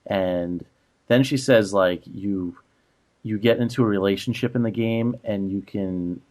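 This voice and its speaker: Low-voiced man ranting casually. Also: a little slow, darkish tone. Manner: exasperated storytelling, many "like" fillers. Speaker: podcast co-host. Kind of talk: casual podcast chat.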